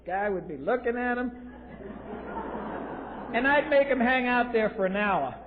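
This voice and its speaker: A man's voice: extremely high pitch, animated, measured pace, over a noisy crowd, very noisy. A man telling his recovery story from a podium, blunt and wry with dry humor, from the US East Coast. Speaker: recovery meeting speaker. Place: large convention hall. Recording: tinny lo-fi 1980s tape in a reverberant hall.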